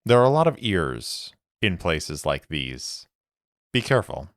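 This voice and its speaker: A man voicing a cryptic woman spy from a secret order, calm, measured and faintly teasing. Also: low voice, no echo, clean studio sound. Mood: cool, cryptic.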